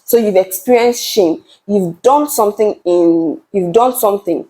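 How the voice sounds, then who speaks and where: A woman's voice: medium pitch, a little slow, warm tone, poor audio. A young woman, speaking to camera as a channel host in a passionate, emphatic way and often repeating words as she builds her point. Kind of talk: earnest talk-to-camera commentary.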